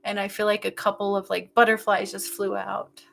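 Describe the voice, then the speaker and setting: A woman giving an intuitive healing session, talking slowly and haltingly with many fillers, in a soft, emotional and intimate way. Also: medium pitch, completely flat delivery, vocal fry, a little hiss or hum. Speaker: spiritual healer.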